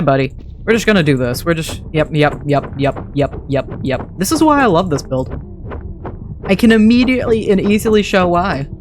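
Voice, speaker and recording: Chatty higher-voiced male streamer. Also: slight background noise. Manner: chatty, thinks aloud, self-talk. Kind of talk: casual gameplay commentary.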